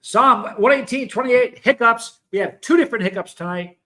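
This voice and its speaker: Chatty high-voiced man streaming live. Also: moderate pace, sharp tone. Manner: chatty, rambling, self-interrupting. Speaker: livestream host. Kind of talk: casual livestream chat, reading viewer comments.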